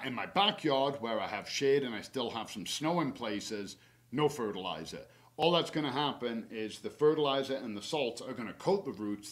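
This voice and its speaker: A horticulturist man talks through spring garden care in a relaxed, easygoing webinar. His voice sits at an ordinary middle pitch. He rambles a little, with plenty of "uh" and "um," and jokes at his own slips. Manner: chatty and relaxed, many fillers, laughs at himself; gives practical tips from his own yard. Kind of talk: casual instructional webinar.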